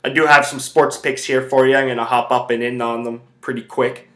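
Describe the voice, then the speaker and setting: Male podcast host, brash and profane, tense bright voice, loose rambling delivery. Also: mid-range voice, level tone, a little fast. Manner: rambling, heavy swearing. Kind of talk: casual storytelling rant.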